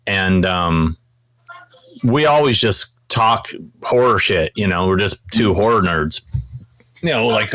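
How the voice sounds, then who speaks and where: A man speaks as a guest in a casual interview, his pitch rising and falling as he tells stories. He is animated and swears freely. The sound is dry and close. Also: unhurried, pauses often, dry recording, rough recording. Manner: animated, profane anecdote-teller. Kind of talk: casual storytelling in conversation.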